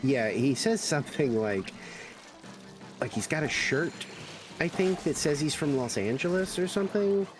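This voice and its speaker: A man's voice: a little high, animated, normal speed, background noise. A man streaming a game, chatting casually and rambling through stories with lots of fillers. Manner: rambling storyteller with many fillers. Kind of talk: casual chat while gaming.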